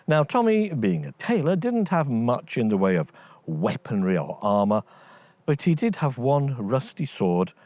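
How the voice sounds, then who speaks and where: Animated male storyteller, slow and dry. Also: medium pitch, no echo. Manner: lively, voices each character. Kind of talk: scripted bedtime story narration.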